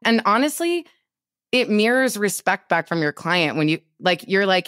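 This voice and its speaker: A woman co-hosting a podcast, giving animated business coaching in a casual chat over a remote call, laughing often. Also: mid-range voice, moderate pace, dry recording, clean studio sound. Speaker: podcast co-host.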